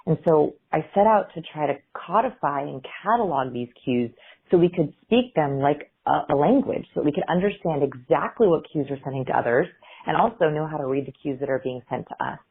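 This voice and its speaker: In interview clips over a phone-like line, a female guest researcher explains communication cues, demonstrating intonation as she goes. Her deep, slightly rough voice is animated and fairly quick.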